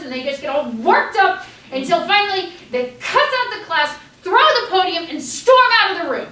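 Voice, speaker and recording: Animated high-voiced teacher lecturing class. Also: female voice, a little fast. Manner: lively, animated, acts out students' panicked voices. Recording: echoey classroom, mic at a distance.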